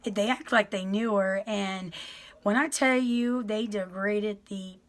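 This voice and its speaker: A woman's voice: medium pitch, fairly even intonation, takes it slowly. A middle-aged woman telling her story to viewers in a chatty, rambling way, often apologizing and restarting her sentences. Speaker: vlogger sharing her prison experience.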